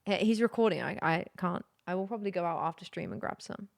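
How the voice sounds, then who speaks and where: A woman's voice: fairly low pitch, quick pace, gravelly, no echo. Chatty woman streaming, dry sound. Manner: chatty, giggly, rambling. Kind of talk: casual stream chat.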